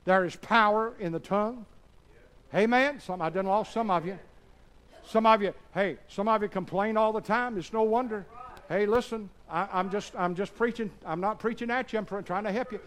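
A high-voiced preacher man works the congregation, swinging from soft asides to ringing shouts. His tone is bright and cutting, and he keeps asking the church for an amen. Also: moderate pace, pauses often. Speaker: pastor. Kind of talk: sermon.

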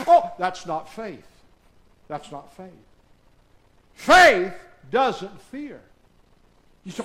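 A man preaching a call-and-response sermon in a church, firing questions at the congregation and swinging between hushed and shouted lines. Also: extremely high pitch, sing-song, slow pace, long pauses. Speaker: pastor.

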